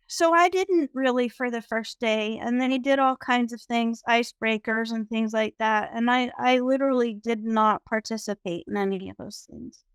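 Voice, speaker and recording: Woman guest, higher voice, unhurried, reflective storyteller with many pauses, dry close sound. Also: clear, resonant tone, no echo. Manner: slow, reflective, with frequent "um" pauses. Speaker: guest sharing a spiritual experience. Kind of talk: personal storytelling.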